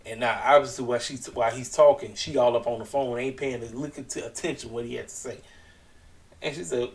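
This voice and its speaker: A man with a medium-pitched, fairly even voice talks briskly from far off the mic. He gives a casual, slangy recap of a wrestling show, chatting away and acting out what people said in quoted voices.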